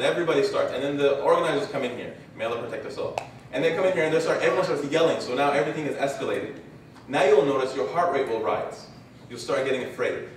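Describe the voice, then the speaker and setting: A man's voice: medium pitch, a little hiss or hum. Guy preaching at a conference, acts out his examples, sounds far off in a really echoey hall. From Canada. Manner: lively storyteller acting out examples. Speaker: conference speaker. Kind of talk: religious lecture. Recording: echoey hall, distant mic, faint ambience.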